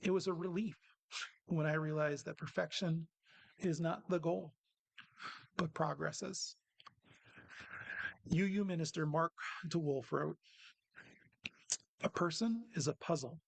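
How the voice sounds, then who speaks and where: A man's voice: fairly high pitch, fairly even intonation, a little slow, creaky, long pauses, no echo. A man speaking earnestly at a worship service, sharing a personal reflection with self-deprecating humor. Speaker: lay speaker giving a reflection.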